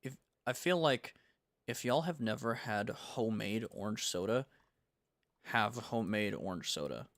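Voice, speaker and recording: A man's voice: on the low side, expressive, a little slow, no room sound, studio quality. A young man from the United States chatting casually on a game-dev livestream, rambling and laid-back, full of slang. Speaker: game developer streaming.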